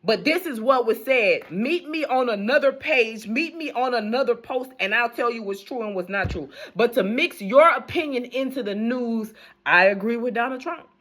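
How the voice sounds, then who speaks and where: A woman's voice: a little high, expressive, normal speed, fairly bright tone. Woman, young adult, blunt profane rambling, casual news rant. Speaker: news commentator vlogger.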